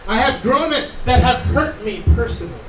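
A man with a very high, animated voice preaches fairly quickly, earnest and conversational, turning now and then to speak directly to the congregation. The room echoes, the microphone is far off, and there's slight background noise.

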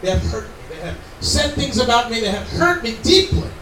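A man's voice: extremely high pitch, big pitch swings, brisk, a crowd in the background. A man preaching a sermon in an earnest, conversational way with asides to the congregation. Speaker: pastor. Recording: echoey room, mic from far off.

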